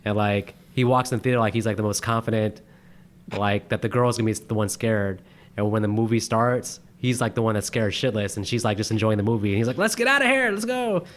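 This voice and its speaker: A man's voice: on the low side, brisk. Laughing man acting out movie scenes. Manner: animated, acts out quotes in exaggerated voices, laughs often. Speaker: podcast co-host. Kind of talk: casual movie review chat.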